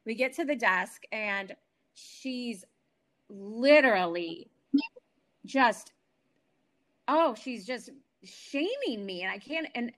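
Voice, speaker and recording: A woman in her forties, a guest on a talk show, telling an emotional personal story at home in an animated way, full of restarts. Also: on the high side, slow pace, long pauses.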